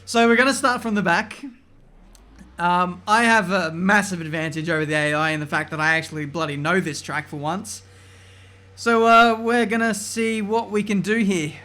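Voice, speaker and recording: Excitable man commentating a race game. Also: high-pitched, normal speed. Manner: chatty, excitable, swears mildly. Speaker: gaming video creator. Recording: game music behind voice.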